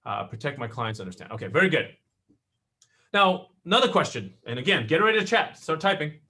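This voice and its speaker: An animated middle-aged male instructor teaches a live online class. His voice is bright and forceful and sits a bit high. He keeps checking in with his audience as he goes. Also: brisk. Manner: animated, constantly checking in with "right?". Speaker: real estate class instructor.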